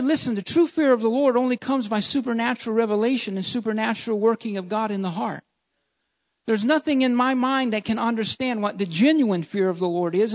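A man, a pastor, preaching a fervent sermon and repeatedly calling out to his congregation. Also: extremely high pitch. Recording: dull lo-fi sound.

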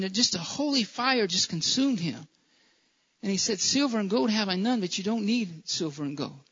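A man's voice: high voice, fairly bright tone, slightly rough. A man preaching a sermon in a church, impassioned, often stumbling and restarting his phrases. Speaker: pastor. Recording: dull lo-fi church recording.

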